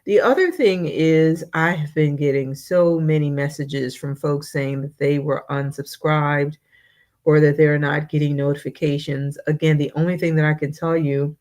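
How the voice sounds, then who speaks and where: Woman, live stream host, unhurried drawl, lowish voice, names viewers one by one. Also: darkish tone. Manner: slow, drawn-out greetings, reading names one by one. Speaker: channel host.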